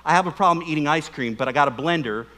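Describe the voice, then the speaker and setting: A man's voice: fairly high pitch, quick pace. A middle-aged man preaching a sermon with jokes and questions to the congregation. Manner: animated, joking, asks the crowd questions. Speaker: pastor. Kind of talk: humorous sermon.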